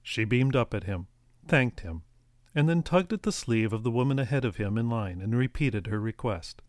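A man narrates a story as an audiobook reader, steady and even in his delivery. His voice is mid-range at normal speed, recorded dry with clean studio sound.

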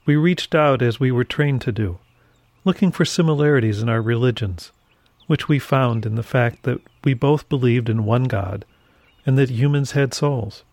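A man narrating a first-person horror story in a measured, dramatic storytelling manner. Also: medium pitch, darkish tone, dry recording.

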